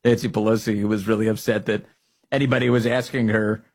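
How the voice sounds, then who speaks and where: Husky-voiced sarcastic male commentator. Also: fairly low pitch, level tone, quick pace, a little mellow. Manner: sarcastic, mocking, laughs at his targets. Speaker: political commentary host. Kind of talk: opinion commentary.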